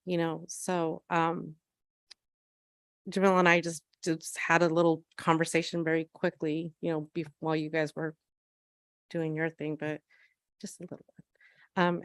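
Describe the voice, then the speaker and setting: A woman, a shelter program manager, giving an earnest, emotional public comment at a city council meeting, halting often with fillers. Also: lowish voice, dry recording, clean studio sound.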